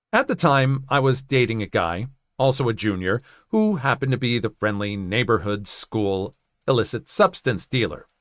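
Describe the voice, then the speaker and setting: Lively man narrating a story. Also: mid-range voice, no room sound, studio quality. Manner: conversational, with joking asides and small laughs. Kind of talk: first-person story narration.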